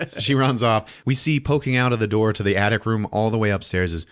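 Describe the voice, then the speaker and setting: A man hosting a podcast, giving a comedic movie recap in a lively, profane style and laughing often. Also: lowish voice, fast, hardly any pauses, clean tone. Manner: animated, swearing, laughing often. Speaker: podcast host.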